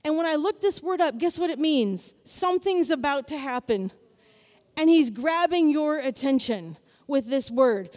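High-pitched woman preacher, animated, builds to loud calls, long hall reverb. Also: moderate pace. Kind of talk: sermon.

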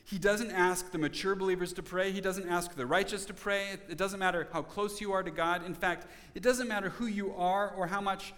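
Male pastor, sermon, earnest and conversational, restarts often, slightly high voice. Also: fairly even intonation, fairly quick, hardly any pauses, fairly bright tone, in a large hall. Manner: earnest, repeats words when restarting. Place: church sanctuary.

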